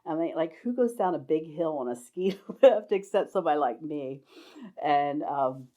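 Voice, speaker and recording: Her voice low-pitched and warm, an older woman recounts meandering life stories at a moderate pace with animated delivery, laughing frequently. The casual memoir-style talk comes through on dull, lo-fi audio.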